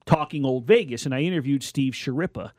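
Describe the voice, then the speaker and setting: A man's voice: mid-range voice, brisk, darkish tone, dry recording, studio quality. A man co-hosting a sports talk show, explaining his point at length with restarts and a casual, earnest manner. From Colombian and Lebanese heritage. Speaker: sports radio host.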